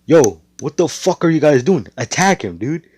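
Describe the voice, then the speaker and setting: A man voicing an arrogant young male villain mage who taunts with sneering, drawn-out insults. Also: a little high, very animated, darkish tone, a little hiss or hum, voice pushed up.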